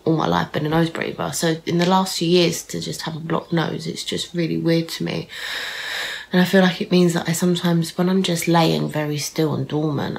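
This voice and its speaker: A woman's voice: deep voice, vocal fry, poor audio. A young British woman chatting casually to camera as a vlogger. She sounds nasal from a blocked nose and talks in a frank, rambling way, with many ums and some swearing. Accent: British English.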